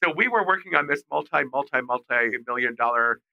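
A middle-aged man, a fashion designer, telling animated stories as a guest in a podcast interview. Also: medium pitch, a little fast, creaky, dry recording, lo-fi sound. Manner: animated, expressive storyteller. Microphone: remote call mic.

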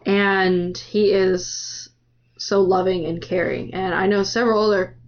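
A woman's voice: medium pitch, level tone, measured pace. Chatty woman co-hosting a book podcast. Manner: chatty, agreeable. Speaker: podcast co-host. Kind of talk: casual book-club chat. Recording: dull lo-fi sound.

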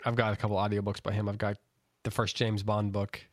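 A man's voice: fairly low pitch, little pitch movement, fairly quick, dry recording. A man hosting a casual book-club podcast, talking loosely with many restarts. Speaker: podcast host.

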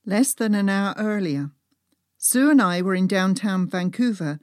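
Slow, dramatic woman audiobook narrator. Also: medium pitch, a little mellow, no room sound, clean studio sound. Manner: dramatic, drops to a whisper in tense moments. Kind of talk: scripted first-person narration.

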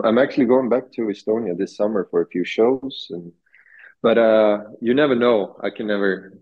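A man with a Swedish accent answering interview questions in a relaxed, hesitant way. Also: lowish voice, lo-fi sound. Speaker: guest artist.

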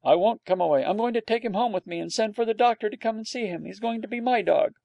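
A man's voice: quick pace, creaky, no echo, lo-fi sound. A man doing a stubborn little rich boy. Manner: insistent, high and pleading.

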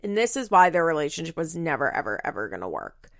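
A woman's voice: sits low, sing-song, quick pace, no echo, clean studio sound. A woman chatting casually as she recaps a reality show, laughing often and saying "like" a lot. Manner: chatty, laughing, heavy use of "like".

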